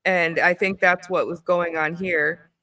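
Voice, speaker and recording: A woman hosting a live stream panel, chatting casually, giggly and excitable with lots of fillers. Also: on the low side, a little slow, no room sound, studio quality. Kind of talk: casual chat.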